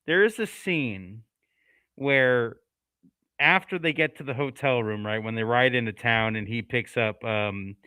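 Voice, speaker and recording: A man's voice: mid-range voice, a little slow, bright, forceful tone, smooth, no echo. A man co-hosting a casual movie podcast, telling his thoughts in a rambling, self-correcting way. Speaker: co-host.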